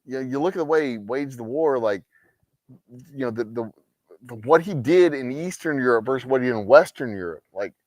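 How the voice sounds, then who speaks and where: Profane, animated man ranting on a stream. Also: mid-range voice, dry recording, clean studio sound. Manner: profane, animated ranting with sarcastic mock quotes. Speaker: host of a game night stream. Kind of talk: casual ranting chat on a livestream.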